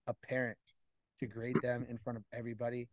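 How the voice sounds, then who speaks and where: A man's voice: medium pitch, level tone, fairly quick. A man co-hosting a coaches' podcast, talking earnestly and repeating words while he searches for phrasing. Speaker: wrestling coach and podcast co-host. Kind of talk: casual podcast chat.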